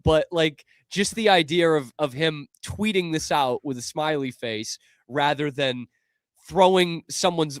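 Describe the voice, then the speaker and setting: A man's voice: a little high, dry recording, clean studio sound. A man co-hosting a sports talk show, musing in a wry, thoughtful way with frequent restarts. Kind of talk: casual talk-radio chat.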